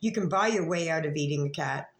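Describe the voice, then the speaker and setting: A woman with a lowish voice rambles through a profane, confrontational vlog rant. Her words bounce around an echoey room, and she talks with blunt, jumping thoughts. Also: fast. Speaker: vlogger. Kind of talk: rambling direct-to-camera rant.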